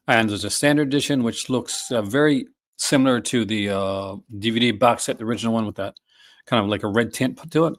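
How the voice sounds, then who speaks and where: A man's voice: mid-range voice, brisk. A man hosting a casual live stream, talking enthusiastically with many fillers and restarts. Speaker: host.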